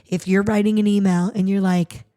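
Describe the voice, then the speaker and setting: Speaking at a moderate pace in a mid-range voice, a charity podcast co-host keeps the chat casual and lively. Her storytelling comes alive as she performs the quotes in each anecdote.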